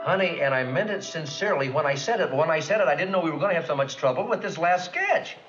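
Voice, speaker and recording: An actor in his thirties playing a quick-witted comedy writer, bantering with exasperation in a 1960s sitcom. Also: a little high, expressive, a bit bright, faint music behind. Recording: dull 1960s TV soundtrack, studio laughter.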